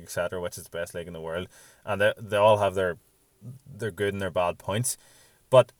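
A man co-hosting a casual football chat, measured and asking thoughtful questions. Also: on the low side, no echo. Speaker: podcast co-host.

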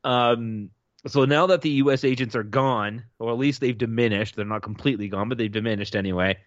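A man's voice: mid-range voice, fairly quick, dry recording. Sarcastic man on a dull dry mic. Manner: sarcastic, laughs often. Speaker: podcast co-host. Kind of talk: casual chat and news commentary.

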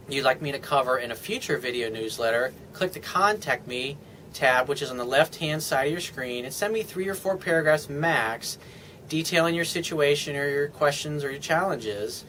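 A man's voice: on the high side, a little fast, fairly bright tone, a little hiss or hum. Rambling, frank dating coach man. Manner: rambling and frank, full of "I mean" and "you know". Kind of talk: casual video monologue.

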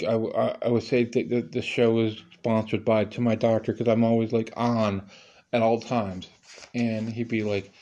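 A man hosting his own show in a rambling comedic monologue, talking at an unhurried, drawn-out pace. His voice sits at a middling pitch, and now and then it jumps up into sudden squeaky outbursts. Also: warm tone, muffled recording. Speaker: podcast host.

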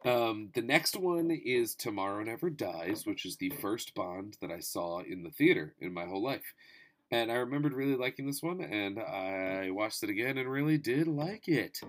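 A man in his thirties talking casually about movies, with wry asides, swearing, and sudden animated jumps in pitch and volume. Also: normal speed. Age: 30s. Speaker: movie reviewer. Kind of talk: casual spoken movie review.

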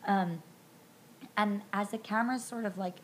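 Host: woman with a mid-range voice, chatty and animated, telling a story to a friend. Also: mid-range voice, moderate pace, a little hiss or hum. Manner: chatty, lots of ums and likes, animated retelling. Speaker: podcast host recapping a film. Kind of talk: casual recap narration.

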